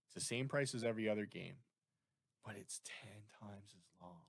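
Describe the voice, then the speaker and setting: A Canadian man with a lowish voice rambles through a casual podcast chat, animated and prone to tangents. His voice sounds dry and close to the mic. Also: moderate pace, creaky, breathy edge, no room sound. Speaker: podcast co-host.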